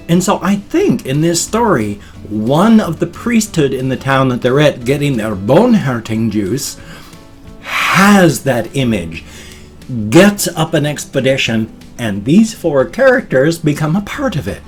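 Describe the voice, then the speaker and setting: Man, fifties, casual vlog, rambling and goofy, animated pitch, faint music behind. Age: 50s. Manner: rambling, playful, with silly sound effects. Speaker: vlogger.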